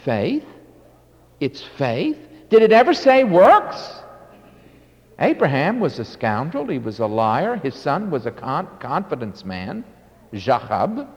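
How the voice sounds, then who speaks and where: A man's voice: on the high side, huge pitch swings, takes it slowly. An older man preaching a sermon as pastor, emphatic and drawn out, with sudden swells and drops in his delivery. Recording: long hall reverb.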